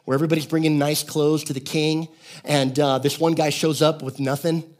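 A man in his fifties gives a sermon from the pulpit, his voice sitting a little high. He tells stories in a loose, conversational way, acts out the people in them and keeps calling out to the congregation. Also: flat delivery, brisk, a little mellow. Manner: storytelling, conversational, calls out to the congregation; acts out characters in quoted voices. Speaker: pastor.

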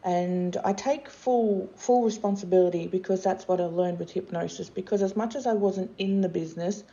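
A woman's voice: medium pitch, normal speed, mellow, dull audio. A middle-aged woman, telling her life story candidly as an interview guest, with many fillers and restarts.

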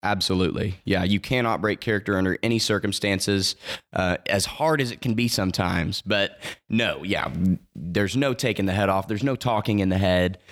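Earnest young man with a low voice. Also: moderate pace, a bit bright. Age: young adult. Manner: earnest, matter-of-fact. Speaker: guest, university mascot performer. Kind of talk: casual podcast interview.

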